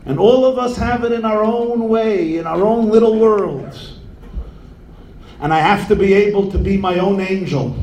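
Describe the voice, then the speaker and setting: A man's voice: high voice, a little mellow, reverberant, a little hiss or hum, poor audio. A man giving a humorous sermon as a rabbi, telling stories and jokes sprinkled with Yiddish words.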